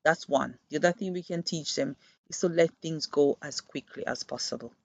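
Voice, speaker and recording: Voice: mid-range voice, moderate pace, a little mellow, no echo. A podcast host who works with children gives an earnest, reflective monologue and explains through classroom stories. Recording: dull, muffled dry recording.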